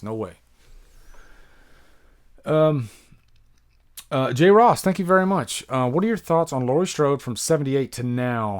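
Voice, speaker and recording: A man from the United States hosting a casual live-stream Q&A, chatty and rambling as he answers viewers. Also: mid-range voice. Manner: rambling and chatty, many fillers, reads out viewer questions. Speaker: YouTube horror movie reviewer, live stream host.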